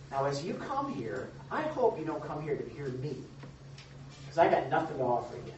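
A woman's voice: on the low side, a little mellow, heavy reverb, distant mic, muffled recording, a little hiss or hum. A woman pastor preaching a sermon in a conversational way, asking her congregation questions.

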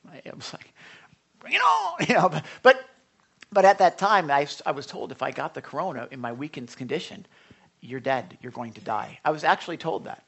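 A middle-aged man preaching to a small group, telling a personal story with sudden hushed whispers. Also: on the high side. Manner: animated storyteller, drops to hushed whispers for inner thoughts. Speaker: pastor.

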